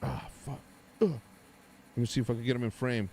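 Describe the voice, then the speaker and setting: A man in his forties, a native Spanish speaker, chatting casually with his viewers while hosting a live watch party, with loud bursts of hype. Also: mid-range voice, moderate pace. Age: 40s. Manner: animated, hypes things up with loud exclamations. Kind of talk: casual live-stream chat.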